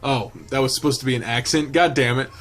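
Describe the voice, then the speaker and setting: A man's voice: medium pitch, steady tone, fast. A man reading a visual novel aloud and reacting with frequent laughter. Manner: laughs often, reacts loudly. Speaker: let's play host reading a visual novel. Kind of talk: casual game reading with reactions.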